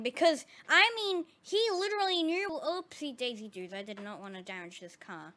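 A woman giving casual, excitable commentary over her gameplay, often exclaiming and laughing. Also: fairly high pitch, moderate pace, few pauses. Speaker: gaming channel host.

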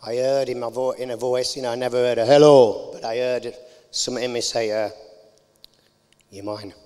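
A man's voice: medium pitch, little pitch movement, fast talker, clear, resonant tone. A man, giving a blunt, earnest personal testimony in an interview. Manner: blunt working-class storytelling, plain and earnest. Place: large church hall. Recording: long hall reverb.

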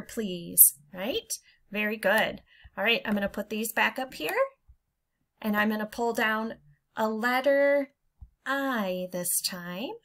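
A woman teaching young children to blend letter sounds, speaking in a slow, encouraging way and drawing the sounds out for them to repeat. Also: fairly high pitch, sharp tone. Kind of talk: phonics lesson for young children.

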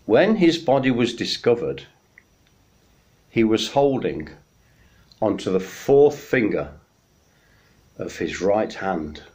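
A man, a church minister, giving a midweek sermon message in an unhurried storytelling manner with gentle pauses. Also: lowish voice, very animated.

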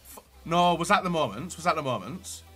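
Young man, high bright voice, wildly animated pitch, unhurried pace, yelps and shouts, game pack commentary. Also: husky, faint music behind. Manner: excitable, yelps and shouts at the screen; talks to viewers as "guys". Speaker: YouTuber.

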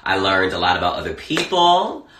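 A man chatting casually on a phone livestream, sassy and animated, swearing a lot. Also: deep voice, moderate pace. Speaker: social media personality. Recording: echoey room, faint noise.

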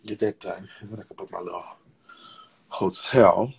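A man hosting a casual gossip livestream, talking in a sassy, chatty, profane way with a raspy voice. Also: lowish voice, normal speed, long pauses. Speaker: livestream host.

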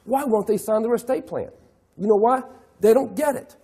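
A middle-aged man giving a lively keynote talk on the economy to an audience. He acts out clients' voices and asks the audience questions. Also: very high voice, normal speed, slightly rough.

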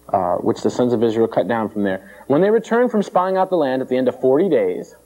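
A man preaches an informal sermon, his voice swinging up and down in pitch. The tone is mellow and dark. He slips into high mocking voices and chuckles between points. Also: poor audio. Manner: animated, jumps into high mocking voices for complainers.

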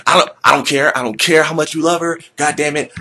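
A man's voice: medium pitch, lively intonation, normal speed, fairly bright tone. A man voicing his own hotheaded, horny inner urge as a brash, profane male voice that keeps pushing. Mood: worked up.

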